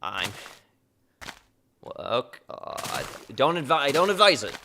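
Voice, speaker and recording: A man's voice: mid-range voice, big pitch swings, measured pace, bright, forceful tone. Offhand joking male streamer, noisy game audio. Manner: offhand, joking replies to chat. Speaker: live streamer playing a game. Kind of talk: casual live-stream chat while gaming.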